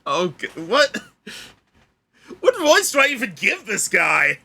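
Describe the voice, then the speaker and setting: A young man chatting casually and voicing characters during a let's play, giggling often, animated, and swearing freely. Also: high voice, slow pace, gravelly, slightly rough. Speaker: co-host voicing game characters.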